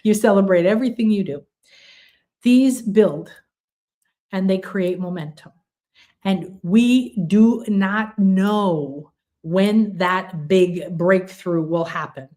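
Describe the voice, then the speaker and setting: An older woman leads a spiritual gathering in a mid-range voice, with an earnest, affirming delivery. She piles up repeated words and slips into lively little acted quotes of her own thoughts. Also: mid-range voice, slow pace. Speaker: spiritual teacher. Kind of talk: spiritual talk to a group.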